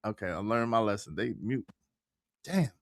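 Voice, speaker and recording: A man hosting a reaction livestream who talks in an excitable way, laughs often and repeats his phrases over and over. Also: fairly low pitch, normal speed, a little hiss or hum. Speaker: livestream host.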